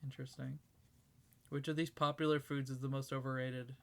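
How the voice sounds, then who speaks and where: A Canadian woman co-hosting a podcast in casual chat, reading quiz questions aloud with a teasing, deadpan manner. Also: very deep voice, a little fast. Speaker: podcast co-host.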